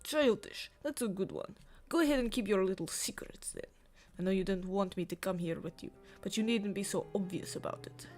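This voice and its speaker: A brash, resentful young man with a clumsy Russian-ish accent, put on by a woman reading a book aloud. He speaks loudly and indignantly at a medium pitch. Faint music plays beneath the reading. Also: brisk, close to an everyday voice. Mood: bitter.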